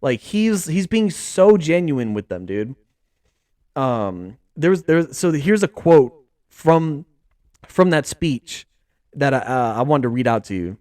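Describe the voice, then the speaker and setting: A young man hosting a casual sports podcast, rambling excitedly with lots of fillers. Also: a little high, measured pace, dry recording, studio quality. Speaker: podcast host.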